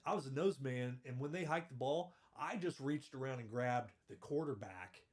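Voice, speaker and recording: In a mid-range, expressive voice at normal speed, a podcast host tells stories in a rambling, self-deprecating way. He laughs his way through them, keeping the chat casual.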